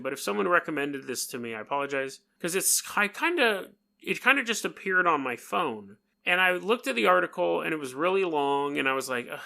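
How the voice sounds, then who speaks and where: Gravelly, bright-voiced man telling stories. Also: on the high side. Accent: New York. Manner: rambling, jokey, mimics sounds and voices. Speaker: podcast host. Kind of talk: casual storytelling monologue.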